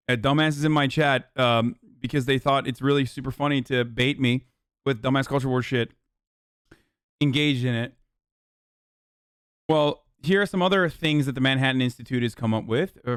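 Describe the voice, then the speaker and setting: A man's voice: mid-range voice, a bit bright, clean tone, dry recording. Sarcastic profane man streaming, dry close mic. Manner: profane, sarcastic, mocks chat with mock outrage. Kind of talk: live stream reaction and chat banter.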